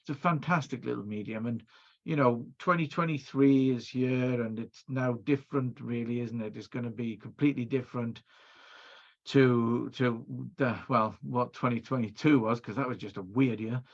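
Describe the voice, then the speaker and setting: A man's voice: medium pitch, normal speed, lo-fi sound. A middle-aged Welsh man, a video producer, chatting over a video call and telling stories with many restarts. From Wales. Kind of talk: casual interview chat.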